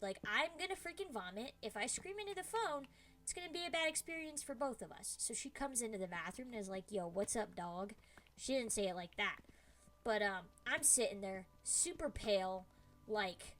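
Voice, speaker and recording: Young woman, streamer, casual storytelling, slangy and dramatic, bright voice, a bit high. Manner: animated, dramatic slang-filled retelling.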